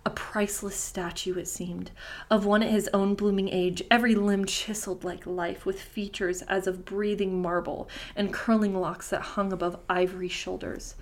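A woman's voice: mid-range voice, level tone, moderate pace. Woman, podcast host, reading an old myth aloud, casual asides. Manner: reads old-fashioned prose aloud, breaking off for profane asides.

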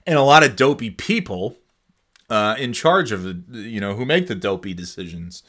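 A man's voice: lowish voice, lively intonation, moderate pace, a bit bright. A man in his forties chatting casually and alone as a podcast host, rambling and sarcastic, slipping into silly voices. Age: 40s. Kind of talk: casual solo chat.

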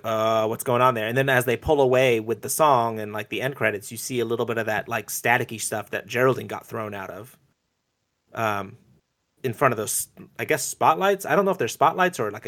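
A man co-hosting a podcast in casual chat, excitedly rambling and acting out scenes. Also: mid-range voice. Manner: excited, rambling, acts out scenes in quoted voices. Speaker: podcast co-host.

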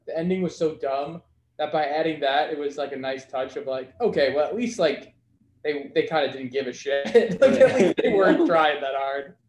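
A man chatting casually as a podcast co-host, tossing in quick reactions. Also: a little high, darkish tone, echoey room. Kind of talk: casual banter.

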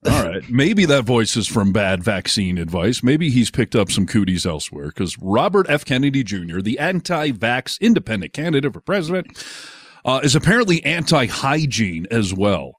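A male podcast co-host riffing on the news with sarcasm and laughter. His pitch swings widely from line to line. The recording is dry and close. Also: normal speed, husky, no room sound. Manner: animated, sarcastic, laughs often. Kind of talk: casual comedic chat.

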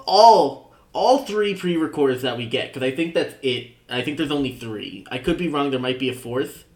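A man's voice: medium pitch, animated, moderate pace, roomy sound. A man co-hosting a podcast, chatting casually and laughing often between hesitant restarts. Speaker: podcast co-host reviewing sketch comedy. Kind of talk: casual chat.

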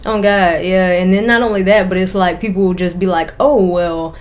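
A woman's voice: fairly low pitch, fairly even intonation, fairly quick. Laid-back young woman, casual chat. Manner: laid-back, laughs often, frank with swearing. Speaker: podcast co-host.

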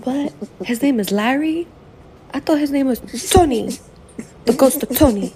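A man's voice: extremely high pitch, moderate pace, a little mellow, a little hiss or hum, pitched above the performer's own voice, rough recording. A man voicing a confused woman.

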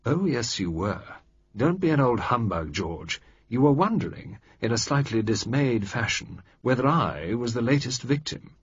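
A shrewd older minister, as a male narrator puts him on, weighing each word with dry, deliberate precision. The husky voice sits in a dry, slightly dull recording. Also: mid-range voice, big pitch swings, dry recording. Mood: dry amused. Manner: dry, measured and decisive.

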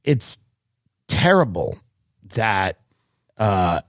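A man in a casual comedy podcast chat, cracking slow, dark jokes. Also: on the low side, big pitch swings, no room sound, studio quality.

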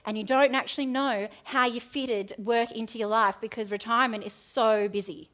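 A woman's voice: on the high side, normal speed, a bit bright. A woman in her thirties preaching a sermon in a conversational, self-deprecating way, with chatty asides to the congregation.

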